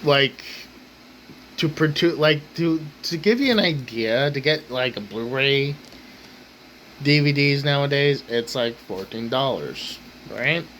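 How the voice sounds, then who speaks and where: Profane ranting man, slow drawn-out delivery. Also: mid-range voice, a bit bright, slight background noise, low-quality recording. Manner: profane, exasperated, repeats himself. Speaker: ranting vlogger. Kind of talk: angry rant to camera. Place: home kitchen table, indoors.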